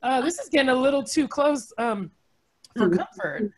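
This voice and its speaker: A woman in her forties doing a sarcastic, animated stand-up comedy set, laughing often between jokes. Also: high voice, moderate pace, a crowd in the background. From United States. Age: 40s.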